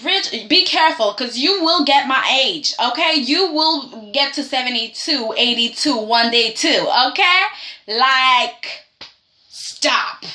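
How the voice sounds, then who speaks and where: A woman's voice: high-pitched, lively intonation, takes it slowly, pushed and bright, echoey room. A woman recapping a TV soap in a casual vlog. She is chatty and keeps dropping "okay" and "like". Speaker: soap opera review vlogger.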